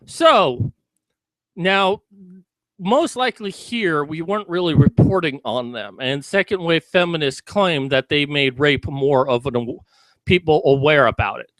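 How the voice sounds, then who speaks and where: A man with a high, sharp voice rants through an angry commentary, swinging between sarcastic explanation and shouted, profane outbursts. The sound is close and dry, with no room around it. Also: unhurried, no room sound. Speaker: video commentator.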